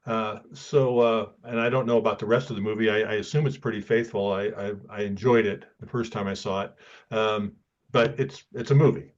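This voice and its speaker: A man's voice: on the low side, fairly even intonation, a little fast. Hesitant male interview host, dull lo-fi sound. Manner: hesitant, many uhs and repeated words. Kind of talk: casual interview conversation.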